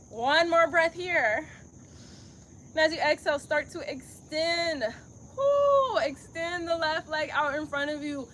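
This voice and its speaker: A woman's voice: sits high, a bit bright, slight background noise. A woman leading a live yoga class on a phone, chatty and encouraging, talking through her own effort between breath cues. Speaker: yoga instructor.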